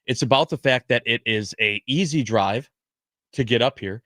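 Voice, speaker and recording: A man's voice: mid-range voice, moderate pace, fairly bright tone, dry recording, studio quality. A man co-hosting a sports radio show, joking and teasing in casual talk. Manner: joking, wrestling references, teasing. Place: radio studio. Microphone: studio microphone.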